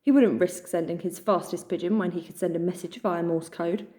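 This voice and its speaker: A woman voicing a fierce, suspicious male eagle soldier who warns gruffly in a storybook reading. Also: lowish voice, fairly even intonation, brisk, natural voice. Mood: wary. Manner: gruff, hushed, warning.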